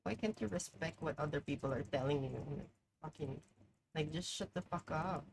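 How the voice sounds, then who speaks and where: A woman's voice: low voice, moderate pace, vocal fry, noisy background. A woman streaming live, commenting on her game in an exasperated, profane way, peppering her talk with "like". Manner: exasperated, profane, heavy use of "like".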